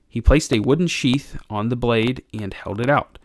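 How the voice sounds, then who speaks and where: A man, a teacher, narrating an audiobook chapter for his class in a measured, expressive way. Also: mid-range voice, no echo.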